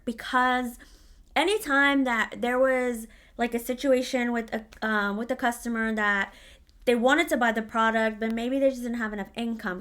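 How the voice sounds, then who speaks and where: Bright-voiced blunt woman vlogger. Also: fairly high pitch. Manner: blunt, swears freely, animated retelling. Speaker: vlogger telling a story. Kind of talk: casual storytime.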